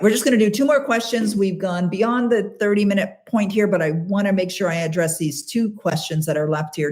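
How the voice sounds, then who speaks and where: A woman's voice: mid-range voice, darkish tone. A middle-aged woman hosting a live question-and-answer show, coaching listeners in an emphatic, encouraging way and repeating key phrases for stress. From Canada.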